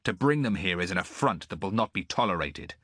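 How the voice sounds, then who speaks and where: A man's voice: sits low, lively intonation, brisk, fairly bright tone, no room sound, clean studio sound. A man voicing a haughty, scornful young prince in an audiobook, speaking with cold contempt. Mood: contemptuous.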